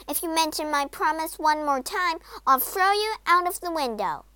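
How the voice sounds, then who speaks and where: Lady putting on a bratty little princess voice, high and whiny, smooth clean sound. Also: sing-song, unhurried, fairly bright tone, no echo. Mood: furious. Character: indignant young princess, bratty and squeamish.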